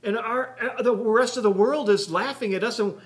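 A man's voice: high voice, normal speed. A man co-hosting a political talk show, exasperated and pleading. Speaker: show co-host. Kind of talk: political commentary chat.

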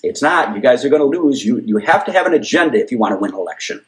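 Male podcast co-host, lively pitch, emphatic political chat, repeats his points. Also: fast talker. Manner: emphatic, repetitive, animated.

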